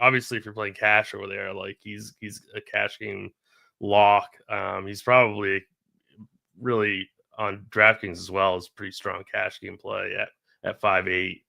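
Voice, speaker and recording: A man's voice: fairly low pitch, gravelly, bright, forceful tone, no room sound. A man talking fantasy football picks in casual live-stream chat, hesitant and full of ums and restarts. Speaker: fantasy sports analyst.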